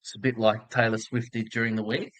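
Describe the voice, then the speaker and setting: A man's voice: mid-range voice, level tone, brisk, a bit bright, no room sound, rough recording. An Australian man co-hosting a casual sports chat with dry, joking asides. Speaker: co-host.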